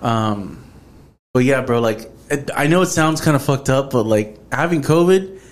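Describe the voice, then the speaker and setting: A man's voice: medium pitch, expressive, moderate pace. A man hosting a podcast in casual chat, telling stories loosely and swearing often. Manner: loose storytelling full of profanity and "bro". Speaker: podcast host.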